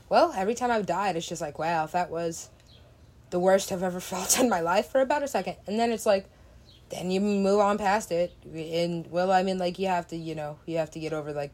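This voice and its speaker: A woman's voice: on the low side, mellow. A woman DJ talking in a meandering, casual way, swearing freely and laughing often. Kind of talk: rambling casual monologue.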